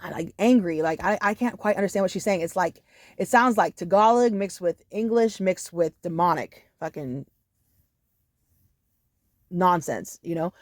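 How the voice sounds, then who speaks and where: A woman telling a casual storytime monologue to camera, animated and profane, with many "you know"s. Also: lowish voice, measured pace, dry recording. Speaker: storyteller vlogger.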